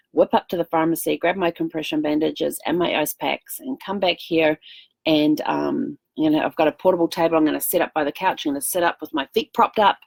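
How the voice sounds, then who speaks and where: Middle-aged woman chatting on her travel vlog, lowish voice, lots of ums, dry close sound. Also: fairly quick, vocal fry, no echo. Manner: rambling storytelling with many fillers. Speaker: travel vlogger. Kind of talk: casual chat.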